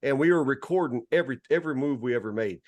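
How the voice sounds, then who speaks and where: A man's voice: lively intonation, quick pace, darkish tone. A man, co-hosting a podcast, telling family stories in casual chat and teasing his brother. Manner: teasing, imitates family in higher voice. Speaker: podcast co-host.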